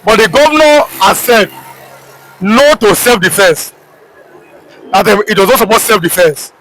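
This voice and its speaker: Nigerian male web-show host, high and tense delivery, faint hiss behind. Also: a little slow, a bit bright, a faint crowd, poor audio. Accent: Nigerian English. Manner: urgent, repeats headlines and appeals. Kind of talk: online news talk show.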